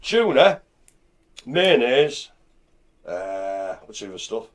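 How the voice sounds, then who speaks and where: A man's voice: medium pitch, very animated, slow. A man hosting a live chat show, playful and rambling, full of jokes. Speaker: host. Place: indoors, studio at a community venue.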